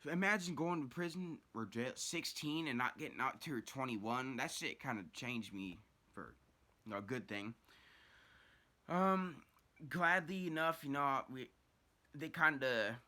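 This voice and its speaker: A man's voice: medium pitch, unhurried. A young man telling a rambling, profane story about his own past in a casual vlog. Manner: profane, rambling, animated retelling.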